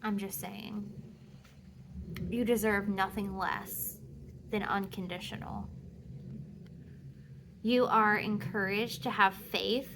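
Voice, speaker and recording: At home, a woman gives a loose, casual tarot reading, speaking slowly at a middling pitch with fairly even intonation and long pauses. She's blunt, emphatic and swears freely, sometimes reading card texts aloud, with background noise audible.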